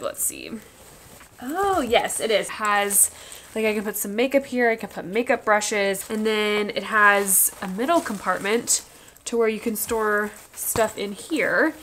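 A young woman chatting casually to camera in a vlog, excitable and gushing as she talks from her parked car and later at home. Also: mid-range voice, a little hiss or hum. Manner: chatty and excitable, gushing about food and purchases. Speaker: lifestyle vlogger.

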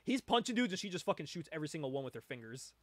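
A man hosting a casual comic book chat, animated and laughing often as he reads panels aloud. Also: a little high, racing, no room sound. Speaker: podcast host.

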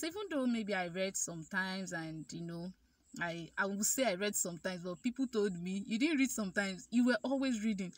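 A woman's voice: mid-range voice, no room sound. A young Nigerian woman with a Nigerian accent, vlogging a personal story in a chatty way with many fillers. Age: young adult. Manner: chatty, animated quoted dialogue, many fillers. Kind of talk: casual storytelling to camera.

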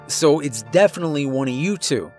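A man's voice: fairly high pitch, lively intonation, brisk, darkish tone, faint music behind, lightly acted. A man voicing a skeptical, smirking teenage boy with a dry, mocking way of talking.

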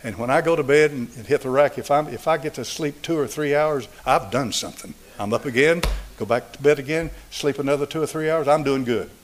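A man in his seventies preaching a sermon and altar call, driving points home through repetition and swinging between raised and hushed delivery. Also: mid-range voice, brisk. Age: 70s. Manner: emphatic, repetitive preaching cadence. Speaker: pastor.

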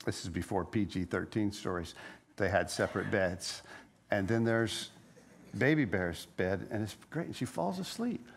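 A man preaching a sermon as a pastor, telling a story with lively energy and frequent stammered restarts. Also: lowish voice, normal speed, creaky.

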